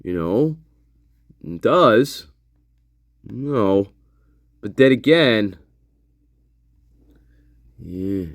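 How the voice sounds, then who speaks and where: Sarcastic man, lively dry voice. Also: lowish voice, very slow, pauses often, dry recording. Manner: sarcastic and profane, laughs often. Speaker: online commentator. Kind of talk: casual commentary over video footage.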